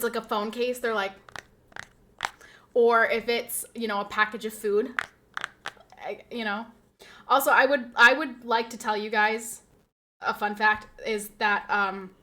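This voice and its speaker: A woman's voice: a little high, sharp tone. A woman streamer chatting casually with her viewers, rambling and laughing often as she reads and answers chat.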